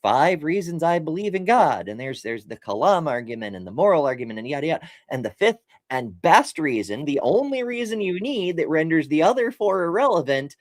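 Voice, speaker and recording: A wry man reviews a debate with sarcastic asides. His pitch swoops around freely as he talks. The sound is dry and close, with no room around it. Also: sing-song, a little fast, hardly any pauses, no room sound. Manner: wry, sarcastic listing of examples. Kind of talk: casual analytical commentary.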